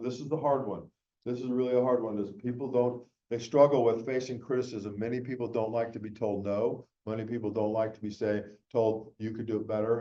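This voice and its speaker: A man's voice: medium pitch, warm tone. A middle-aged man giving a conference keynote in a conversational, rambling way with many fillers and restarts. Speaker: keynote speaker. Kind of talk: conference talk. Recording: echoey, muffled room recording from a distance.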